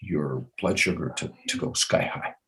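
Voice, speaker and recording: A man in his seventies, a guest in a conversation, telling a personal story with lively repetition and frequent chuckles. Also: extremely low pitch, normal speed. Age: 70s. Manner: animated, chuckles often, repeats phrases for effect.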